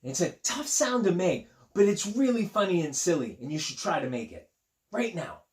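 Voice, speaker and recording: A man reading a picture book aloud to children, making playful, animated asides to his young listeners. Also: high voice, normal speed, husky. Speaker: children's story reader.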